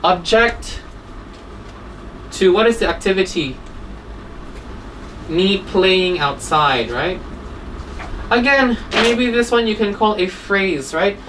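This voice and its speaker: A woman's voice: mid-range voice, lively intonation, slow, long pauses, recorded from a distance, background noise. A woman teaching an English exam-prep class, explaining word forms and checking in with "right?" and "okay?" after nearly every point.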